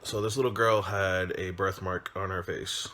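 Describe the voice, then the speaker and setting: A man, a father, casually recapping a film, loose and rambling, with frequent pauses and restarts. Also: low-pitched, steady tone, sharp tone, slight background noise. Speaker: movie reviewer. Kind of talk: casual spoken movie recap.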